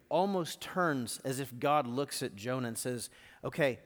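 A man, the lead teaching pastor, gives a live sermon in a church auditorium, firing emphatic rhetorical questions at the congregation. His mid-range voice is a bit bright and a little slow, with long reverb from the live hall.

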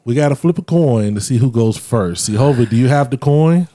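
A man's voice: medium pitch, a little fast. A man hosting a podcast, talking casually and laying out the rules in a loose, easygoing way. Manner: relaxed, explains rules at a loose pace. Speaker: podcast host. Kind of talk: casual chat.

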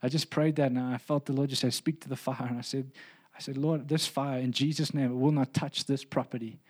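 A man's voice: medium pitch, steady tone, fairly quick, darkish tone, breathy edge. A man, a pastor, telling a personal story in a sermon, earnest and building to emphatic preaching.

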